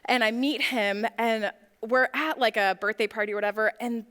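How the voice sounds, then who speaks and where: A woman's voice: fairly high pitch, steady tone, normal speed, a bit bright. A young woman speaking to a church youth group, telling stories in a chatty way with many "like" fillers. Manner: chatty storytelling full of "like" fillers. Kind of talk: casual youth group talk. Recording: long hall reverb.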